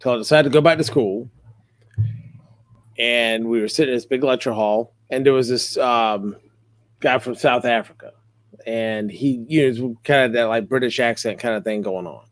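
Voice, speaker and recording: A middle-aged man telling a funny story on a podcast, animated and joking. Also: medium pitch, moderate pace, no room sound. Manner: animated, joking, acts out quotes. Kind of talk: casual storytelling.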